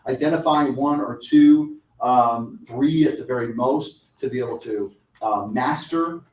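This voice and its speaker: A man's voice: medium pitch, a little slow, a little mellow, a little hiss or hum. A man giving a sales coaching talk to a small audience, speaking conversationally and acting out short client exchanges. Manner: conversational, acts out little client dialogues. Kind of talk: lunch talk presentation. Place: meeting room. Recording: echoey room, mic at a distance.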